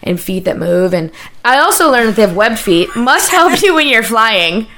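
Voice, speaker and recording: A woman's voice: fairly high pitch, sing-song, moderate pace, fairly bright tone, slight background noise. Profane rambling woman in her thirties. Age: 30s. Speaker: podcast co-host. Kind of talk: casual chat.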